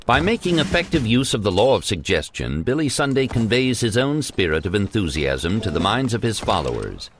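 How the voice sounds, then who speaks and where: A man reading an old self-help text aloud in a measured, emphatic narration. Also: low-pitched, fairly bright tone, a little hiss or hum.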